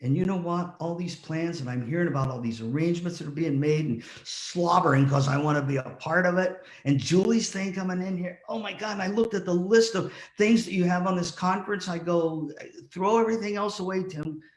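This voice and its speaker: An older man speaks as a guest speaker at a conference, telling a story with animated quoted voices. His voice sits a little high for a man. The sound is roomy and echoey. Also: a little fast. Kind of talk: motivational talk. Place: virtual conference talk.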